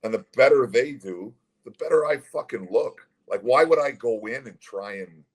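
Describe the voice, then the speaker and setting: A man's voice: mid-range voice, animated, moderate pace, husky. A middle-aged man, a former hockey player, telling blunt, profane stories in a casual interview. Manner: blunt, profane, heated storytelling.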